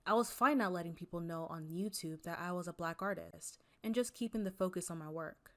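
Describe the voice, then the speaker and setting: A woman's voice: fairly low pitch, brisk. A young woman YouTuber, an artist, talking earnestly and candidly in a personal vlog, with a voice she herself calls Valley Girl. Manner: earnest and candid, mixing serious and playful.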